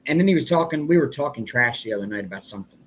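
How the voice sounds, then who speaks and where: An older man hosts a casual live stream, racing through a long, rambling story in an animated, mid-range voice and chuckling often. There's a little hiss or hum in the recording.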